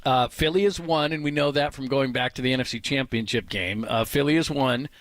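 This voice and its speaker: A sports radio host from the Bay Area, chatting casually at a studio mic and breaking into laughter as he reads items out. His voice is close and dry, sitting at an ordinary male pitch. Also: brisk, a bit bright, no echo. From San Francisco Bay Area. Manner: laughs often, reads lists aloud.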